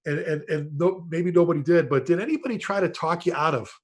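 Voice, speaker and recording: A man's voice: on the high side, fast talker. A man hosting a casual online panel chat on a video call, telling stories and addressing the panelists by name. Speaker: host, retired fire chief.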